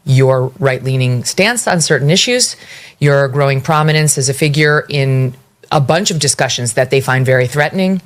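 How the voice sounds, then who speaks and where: Low-voiced woman interviewer. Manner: earnest, long-winded, restarts. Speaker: interview host. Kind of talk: interview questioning.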